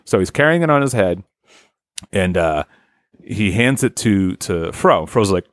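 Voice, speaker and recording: A young man hosting a comedy podcast, spinning an improvised story with lots of restarts and asides. His fairly low voice swings a lot in pitch, and the sound is dry and close. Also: measured pace, no echo. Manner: rambling, lively, with frequent filler and restarts. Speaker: podcast host.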